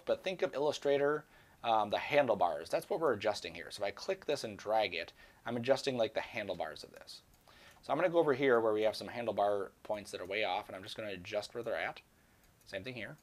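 A man giving a screen-recorded software tutorial, talking casually and rambling to himself as he works. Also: mid-range voice. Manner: casual, rambling, talks to himself while working. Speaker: 3D software instructor.

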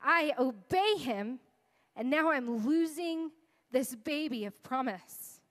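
A woman's voice: sits high, expressive, slow pace, fairly bright tone. A woman in her thirties giving an earnest, emotional testimony as a guest speaker in a sermon. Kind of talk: sermon storytelling.

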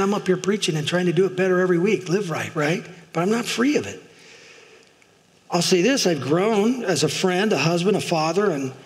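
A middle-aged man preaching as a pastor in a church, chatty and self-deprecating, often asking his listeners "right?". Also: high-pitched. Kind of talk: sermon. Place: church sanctuary, in front of a congregation. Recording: long hall reverb.

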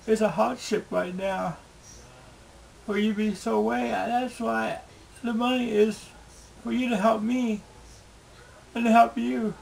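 A man recording a video diary at home on a camera mic, pleading and repeating himself in halting, emotional speech. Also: high voice, steady tone, gravelly, darkish tone, a little hiss or hum, poor audio. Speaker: video blogger.

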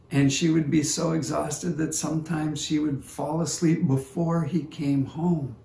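A man's voice: medium pitch, a little mellow. A man preaching a sermon as pastor, telling a story unhurriedly and voicing the people in it. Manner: unhurried storytelling with quoted voices. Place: church service recording. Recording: roomy echo with faint background noise.

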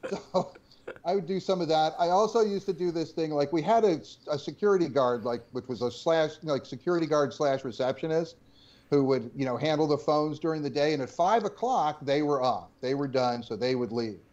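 A man's voice: a little high, a little fast. Joking storyteller man in his sixties. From New Jersey. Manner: animated, joking, punchline-driven. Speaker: guest, former game designer. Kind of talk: storytelling interview. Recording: slightly dull lo-fi audio.

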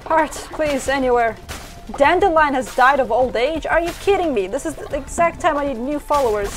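A high-voiced woman streams a game live and reacts in a burst of exclamations as she plays. Game music plays clearly behind her. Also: moderate pace. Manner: excitable, frequent exclamations while playing. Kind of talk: live gameplay commentary.

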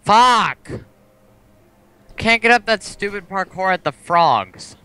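A young man with a high, bright, smooth voice grumbles through a multiplayer game. He complains and curses about falling and dying. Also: animated, moderate pace. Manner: frustrated, complaining, swearing. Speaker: gamer. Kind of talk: casual multiplayer gaming chat.

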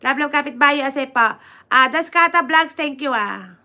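A woman with a Filipino accent hosting a casual livestream, reading viewer comments aloud and answering them in halting English mixed with Tagalog, with many fillers. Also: high-pitched, bright, forceful tone. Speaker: livestream host.

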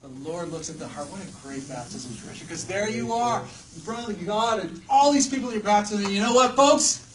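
A preacher at a campus ministry gathering delivers a sermon to a live audience in a church hall, joking conversationally and often posing questions to the listeners. His voice is high-pitched and a little fast, with lively intonation. A distant mic picks him up along with faint background noise.

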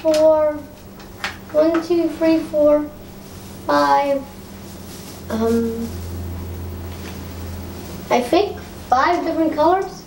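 Chatty high-voiced woman vlogging at home. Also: drawn-out words, gravelly, pauses often, darkish tone. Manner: chatty, hesitant with many ums. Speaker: vlogger decorating a tree. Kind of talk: casual home vlog chat. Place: home living room indoors. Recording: echoey room with faint noise.

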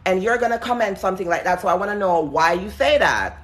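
Here the lisping paranormal vlogger sounds high, a bit bright, fast and animated while exploring an abandoned building outdoors. He keeps the casual livestream talk going, speaking right to viewers and slipping in nervous asides.

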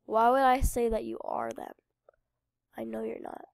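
A woman's voice: a little high, flat delivery, normal speed, vocal fry, no echo, clean studio sound. A woman with a cold and a stuffy nose, chatting casually to viewers as she plays and talks through a game. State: congested with a cold. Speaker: game channel host. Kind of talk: casual gameplay commentary.

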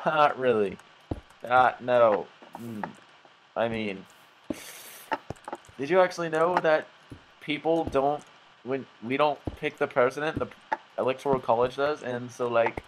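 A man's voice: mid-range voice, a little fast, background noise. A young man giving goofy, rambling let's play commentary and laughing at himself. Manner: rambling, goofy, self-mocking, lots of laughs. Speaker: gaming channel host.

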